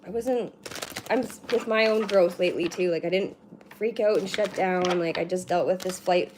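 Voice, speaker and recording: A woman's voice: lowish voice, normal speed. Chatty woman giving a card reading. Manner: chatty, rambling, swears casually, many "like" fillers. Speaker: card reader. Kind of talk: casual livestream card reading. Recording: noisy with card shuffling and clicks. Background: shuffling cards and clicks.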